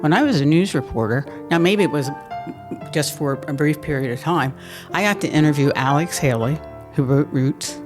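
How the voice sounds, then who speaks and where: A woman's voice: deep voice, normal speed, music in the background. Older woman telling stories. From Pennsylvania. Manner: lively, laughs often, repeats words as she restarts. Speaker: mayor telling her life story. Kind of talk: conversational storytelling interview.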